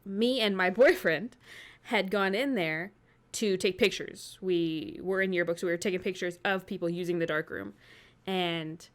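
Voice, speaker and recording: A woman's voice: on the low side, unhurried. A woman hosting a casual chat, telling rambling anecdotes and laughing easily. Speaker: host.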